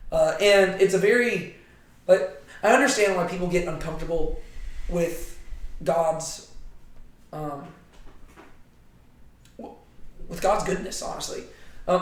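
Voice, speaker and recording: A man with a high voice leads a casual Bible study, thinking out loud and tagging his points with "right?". His voice rings around a very echoey room. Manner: thinks aloud, constantly checking in with "right?". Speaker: Bible teacher.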